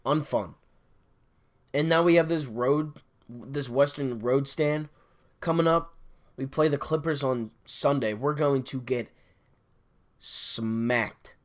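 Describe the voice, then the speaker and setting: A man hosting a sports podcast rants alone as an exasperated fan, going over his complaints again and again. His voice is medium in pitch, and he talks slowly with frequent pauses.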